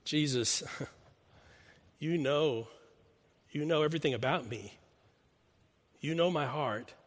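A man's voice: a little high, slow pace. A man preaching, acting out the words of a proud, bold fisherman apostle with an emphatic voice. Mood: humble. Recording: long hall reverb.

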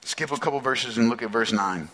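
A man's voice: medium pitch, a little fast, sharp tone. A male pastor preaching a sermon in a conversational way, asking the listeners many questions and repeating phrases for emphasis.

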